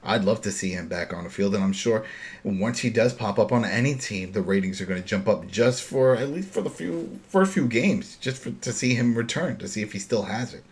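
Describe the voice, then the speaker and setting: This is a man with a thick Brooklyn accent hosting a casual wrestling chat. His voice sits a little low, and he talks bluntly, with plenty of profanity and lively emphasis. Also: a little fast. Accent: New York Brooklyn. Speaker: podcast host.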